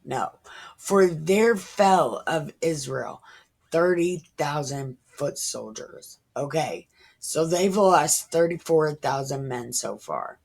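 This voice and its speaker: This woman's low-pitched voice is expressive and slow, with vocal fry and a breathy edge. In her thirties, she reads the Bible aloud, tossing out casual, irreverent musings and slipping into whispers.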